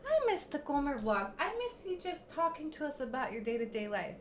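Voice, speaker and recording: A young woman hosts a casual livestream, venting bluntly at critics in the comments with plenty of swearing. Her high voice is sing-song and brisk, with slight background noise.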